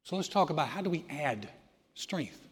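A man preaching a sermon, telling the story with animated voices for the people in it. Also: a little high, normal speed, long reverb tail. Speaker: pastor.

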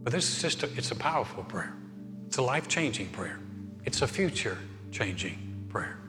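A male pastor preaching a sermon in a church sanctuary, building to fervent emphasis and then softening into quiet prayer. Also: mid-range voice, sing-song, normal speed. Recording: long hall reverb, faint music.

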